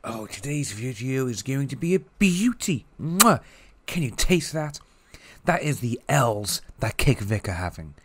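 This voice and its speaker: A man hosting a casual commentary vlog, talking in an animated, mocking way. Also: medium pitch, measured pace, slightly rough, dry recording. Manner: animated and mocking, mimics people he talks about. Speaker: YouTube channel host.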